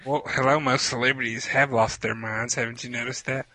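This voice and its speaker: A man co-hosting a podcast in casual chat, teasing with quick interjections. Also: medium pitch, little pitch movement, bright, forceful tone, dry recording. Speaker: podcast co-host.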